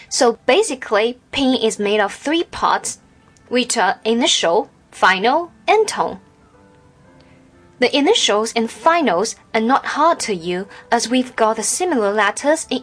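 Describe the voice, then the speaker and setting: Slow, careful woman teacher. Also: a little high. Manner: slow, careful, demonstrating each tone clearly. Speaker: Chinese language teacher. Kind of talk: scripted lesson narration.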